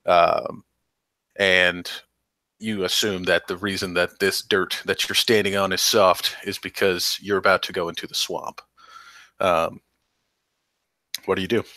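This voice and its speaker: A man with a low, bright, forceful voice runs a tabletop game, describing the scene in a loose, rambling way full of ums. The sound is dry and close. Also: level tone, unhurried, long pauses, dry recording. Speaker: game master.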